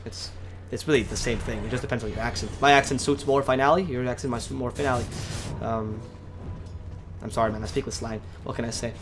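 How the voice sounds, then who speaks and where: A man casting an esports match alone, talking fast, correcting himself often and getting louder in fights. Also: mid-range voice, soft background music. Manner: fast, self-correcting, rising to excited shouts in fights. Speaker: esports caster. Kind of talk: solo game commentary.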